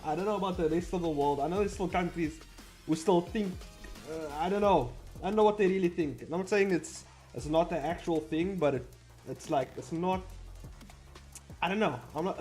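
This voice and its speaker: A man's voice: high-pitched, fairly bright tone. A young man chatting casually on a livestream, rambling and blunt, swearing freely. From South Africa. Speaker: streamer.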